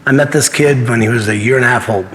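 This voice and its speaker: A man's voice: mid-range voice, quick pace, a bit bright, a little hiss or hum. A man in his fifties, a martial arts instructor, telling earnest personal stories as an interview guest and acting out the dialogue of the people in them. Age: 50s. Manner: earnest, anecdotal, acts out dialogue. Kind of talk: interview storytelling.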